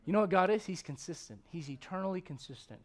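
A middle-aged man preaching in a church, his voice sitting very high. He jokes and swings between loud emphatic lines and hushed asides. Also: expressive, quick pace. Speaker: pastor. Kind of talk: sermon.

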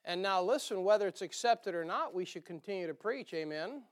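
Folksy nasal preacher with northern accent. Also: male voice, high voice, animated, brisk. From northern United States. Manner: folksy, rambling, jokey asides. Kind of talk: sermon. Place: church.

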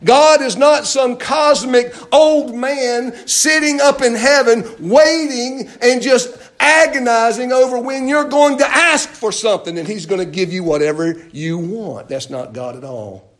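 High-voiced emphatic male preacher, slow delivery. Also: fairly bright tone. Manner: emphatic, repeats phrases and asks rhetorical questions. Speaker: pastor. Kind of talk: sermon. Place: church.

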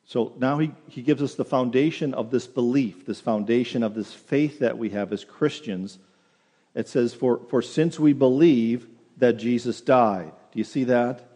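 Earnest pastor preaching in a reverberant hall. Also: male voice, medium pitch, a little slow, warm tone. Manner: earnest preaching, repeats words when restarting. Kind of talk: sermon. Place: church sanctuary.

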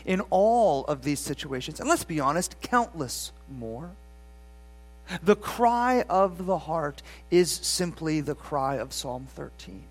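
A pastor delivers a sermon to his congregation in a medium-pitched, sing-song voice at a slow pace. He swings dramatically between loud and hushed and poses rhetorical questions to the listeners.

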